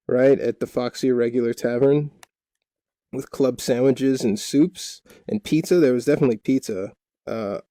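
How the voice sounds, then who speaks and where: Man, dungeon master, rambling, joking, mellow tone, dry close sound. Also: medium pitch, no room sound. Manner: rambling, joking, full of fillers. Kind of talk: casual storytelling recap.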